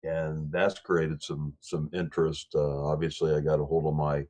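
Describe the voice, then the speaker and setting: Very deep-voiced man, halting panel talk. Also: flat delivery, a little mellow. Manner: halting, repeats words while thinking. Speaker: coin writer on a panel. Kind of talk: casual livestream discussion.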